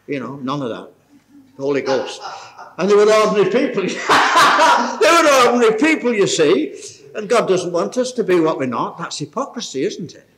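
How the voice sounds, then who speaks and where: Lively older preacher. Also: male voice, high-pitched. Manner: exclamatory, chuckling, folksy storyteller. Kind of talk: informal sermon. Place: church meeting.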